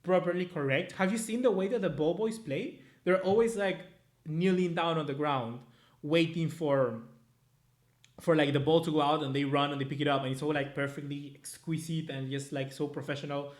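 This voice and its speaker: A man's voice: on the high side, moderate pace. A young man in his twenties from America, casually hosting a live-stream match review and reading viewer chats. His talk rambles and he swears freely. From Latin America. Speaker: host.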